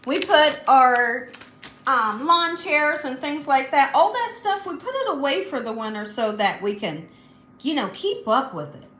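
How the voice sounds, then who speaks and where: A woman's voice: high voice, very animated, measured pace, a bit bright, roomy sound, a little hiss or hum. A middle-aged woman hosting a home cooking show, chatty and enthusiastic, talking straight to her viewers. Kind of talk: casual home cooking demonstration. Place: home kitchen.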